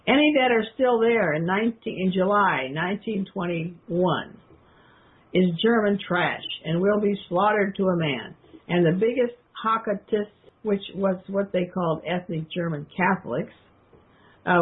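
A woman's voice: mid-range voice, slightly rough. A woman reading passages from a book aloud, then stopping to comment loosely to her listeners with plenty of fillers. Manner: addresses listeners directly. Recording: tinny phone-like sound.

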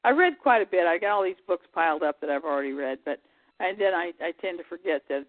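A woman calling in as a guest on a radio show, rambling in casual chat with halting starts and trailing thoughts. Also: lowish voice, lively intonation, no echo. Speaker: call-in guest. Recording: tinny dry phone line.

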